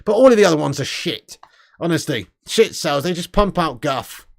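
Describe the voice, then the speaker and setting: A young man hosting a casual livestream, reading super chats, loud and sweary with lots of banter. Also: a little high, animated, moderate pace, creaky. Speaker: livestream host.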